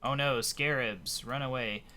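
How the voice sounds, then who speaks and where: A man giving casual, thinking-aloud commentary as he plays a game, his voice a little hoarse. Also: mid-range voice, a little slow, slight background noise. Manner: relaxed, thinking aloud while playing. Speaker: let's play commentator.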